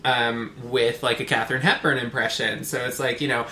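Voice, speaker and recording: Bright-voiced man in an echoey room. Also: mid-range voice, normal speed. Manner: rambling, animated storytelling with fillers. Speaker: podcast co-host. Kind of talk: casual chat. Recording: echoey room, faint noise.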